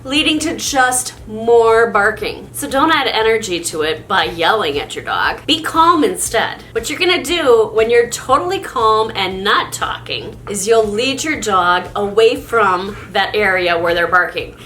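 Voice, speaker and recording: A woman's voice: medium pitch, expressive, a little slow, hardly any pauses, sharp tone, a little hiss or hum. A woman hosting a casual how-to video on dog training, chatty and upbeat in a conversational way. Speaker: dog owner and video host. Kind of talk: casual instructional vlog.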